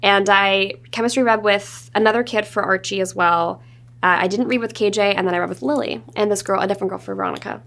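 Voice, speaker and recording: Fast-talking young woman telling animated stories. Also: mid-range voice, creaky. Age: 20s. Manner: animated storytelling with acted-out quotes. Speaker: actress guest. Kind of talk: casual interview chat. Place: studio.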